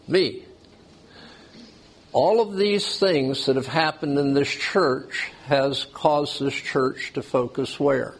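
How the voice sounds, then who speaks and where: A man's voice: mid-range voice, slow, gravelly, breathy edge. A man preaching a sermon, asking the congregation questions as he goes. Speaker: pastor.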